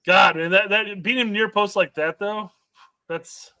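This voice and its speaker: A man's voice: sits high, steady tone, normal speed, bright, forceful tone. A man co-hosting a live soccer watch-along stream, chatting about the plays and reading viewer comments aloud. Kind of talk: casual live match watch-along chat.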